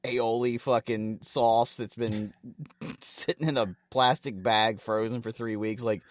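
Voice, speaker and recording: A man's voice: mid-range voice, fairly even intonation, measured pace, no room sound, studio quality. A man co-hosting a comedy podcast, chatting loosely with a lot of swearing and laughing, and reading out a trivia segment. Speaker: podcast co-host. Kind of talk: casual comedic chat.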